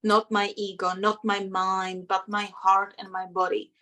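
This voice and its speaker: A middle-aged woman recounts a personal story as an interview guest, her voice sitting at an ordinary pitch. She speaks reflectively and with feeling, now and then acting out the voices in her head. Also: level tone, a little slow, sharp tone. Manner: reflective, emotional, acts out her inner voices.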